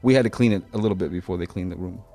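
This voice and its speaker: Fast-talking middle-aged male storyteller. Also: sits low, warm tone, soft background music. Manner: rapid storytelling, acts out quotes. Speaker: guest DJ. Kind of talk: casual chat.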